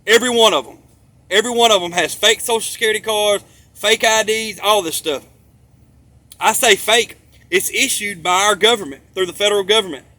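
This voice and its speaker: Guy ranting to the camera, high bright voice, swears a lot and says stuff twice for emphasis. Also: fairly quick, dry recording. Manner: emphatic, profane, repeats himself for stress. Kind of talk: rambling monologue to camera.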